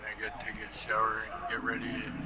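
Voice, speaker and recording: A man speaking quietly and matter-of-factly in a gaming voice chat, from a distant mic. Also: lowish voice, completely flat delivery, quick pace, very noisy. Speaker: gaming party friend. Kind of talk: casual voice chat.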